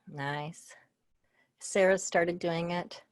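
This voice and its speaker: A woman's voice: lowish voice, steady tone, drawn-out words, no room sound. A middle-aged woman from Iowa presenting a webinar for librarians. She talks in a conversational, personal way, with frequent "um" and touches of humor. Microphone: video call.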